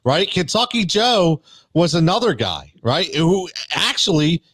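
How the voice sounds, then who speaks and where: Sports podcast host guy, animated, keeps quizzing everyone, dry mic. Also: on the high side, measured pace, no echo. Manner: lively, quizzes the others. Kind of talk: casual sports chat.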